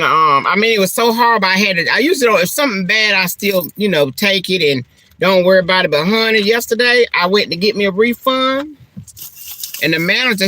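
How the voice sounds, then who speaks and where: Over lunch, a middle-aged woman talks casually to the viewers of her vlog in a medium-pitched voice, with slight background noise. In this mukbang-style chat she's animated and chatty, laughs often, uses church exclamations, and calls her audience "honey" and "child" in Southern fashion.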